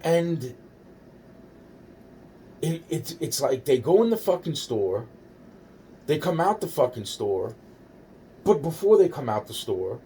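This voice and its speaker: A man's voice: a little high, big pitch swings, slow pace, pauses often, warm tone, far from the mic, a little hiss or hum. Rambling, profane man in his forties. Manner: rambling, profane, repeats himself. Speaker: storyteller. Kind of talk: casual personal storytelling.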